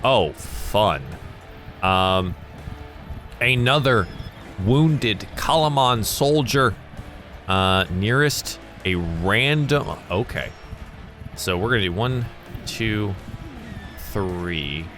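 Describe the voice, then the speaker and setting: A man from the US South running a tabletop game as game master, thinking aloud in a halting way. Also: on the low side, animated, a bit bright, soft background music.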